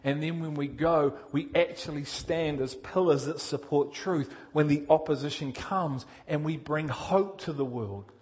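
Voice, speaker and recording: A male preacher with a fairly high pitch delivers an energetic, direct sermon. He puts questions to his audience and moves back and forth between loud stress and quiet intensity.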